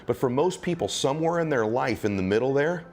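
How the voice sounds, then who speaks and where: A man's voice: mid-range voice, expressive, brisk, a little mellow. A man giving motivational answers in an interview, speaking emphatically in punchy, repetitive phrases.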